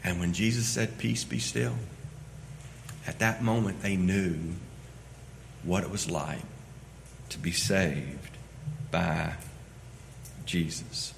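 A man preaching a sermon as pastor, swinging between loud emphatic lines and quiet low asides. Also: fairly even intonation, slow, gravelly, long pauses, a little hiss or hum. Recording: echoey hall with long reverb.

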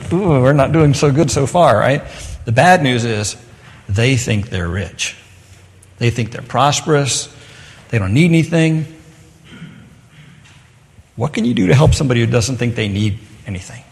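Male preacher, mid-pitched, casual sermon delivery with forceful scripture readings, reverberant hall. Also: animated, a little slow, creaky, pauses often. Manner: conversational, switching to loud emphatic scripture reading. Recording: long echo of a large hall.

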